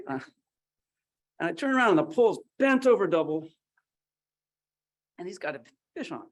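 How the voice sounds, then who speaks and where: A man speaks at a memorial gathering, telling a personal story and acting out the voices of the people in it. His voice sits a little high for a man. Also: expressive, moderate pace. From Northern California.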